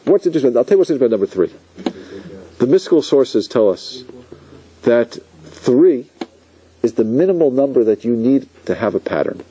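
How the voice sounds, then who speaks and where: A rabbi teaching a class, telling stories with lively acted-out quotes and asking his listeners questions. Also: mid-range voice, a little fast, poor audio. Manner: animated storytelling, asks the audience questions, acts out quotes. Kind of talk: lecture to a class.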